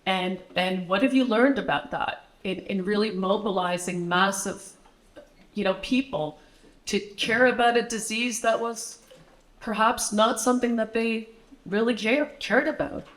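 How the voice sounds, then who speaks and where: A woman's voice: mid-range voice, a little slow, fairly bright tone. Woman in the crowd asking a long earnest question, lots of reverb. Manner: earnest, rambling. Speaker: audience member asking a question. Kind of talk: Q&A question from the floor.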